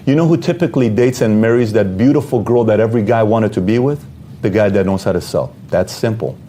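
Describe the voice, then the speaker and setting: A man's voice: fairly low pitch, a little fast, warm tone, slight background noise. A man giving a motivational talk, speaking directly to the viewer and firing off rhetorical questions.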